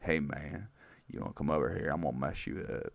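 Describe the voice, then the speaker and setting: A man voicing a menacing Southern redneck movie villain with a low, mumbled drawl and a Southern American accent. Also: steady tone, fairly quick, creaky, no echo, clean studio sound, heavily acted. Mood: taunting.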